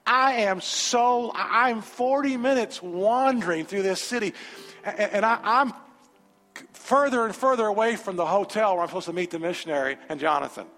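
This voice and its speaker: A man with a high voice preaches in a large sanctuary, telling a story with animated, emphatic energy. The long reverb of the hall hangs on each phrase, and soft music plays faintly behind him. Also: normal speed. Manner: animated storytelling, rising to emphatic altar call. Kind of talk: sermon with a personal story.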